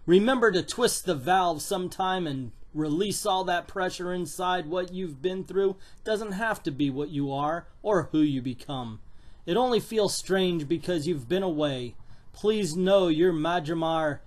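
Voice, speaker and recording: A man voicing a gentle, loving older woman, speaking softly and slowly. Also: high voice. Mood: tender.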